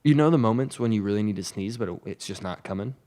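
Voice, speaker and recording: A young man with a somewhat low voice, bantering as a podcast co-host. He slips in dry, deadpan jokes between casual explanations. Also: fast.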